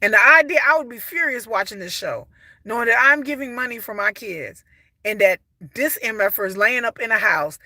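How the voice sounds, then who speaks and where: Blunt, high-voiced woman reviewer. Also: sharp tone, dry recording, studio quality. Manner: blunt, exasperated, swears freely. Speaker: reality TV reviewer. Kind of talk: casual commentary.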